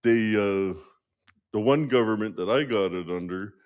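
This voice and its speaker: A man's voice: lowish voice, moderate pace, a little mellow. A man hosting a podcast, chatting casually and laughing easily. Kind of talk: casual chat.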